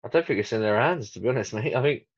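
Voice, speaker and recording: A man chatting on a football podcast, giggly, animated and sweary. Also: mid-range voice, rapid-fire, dry recording. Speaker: podcast co-host. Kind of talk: casual chat. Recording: dry, slightly dull lo-fi sound.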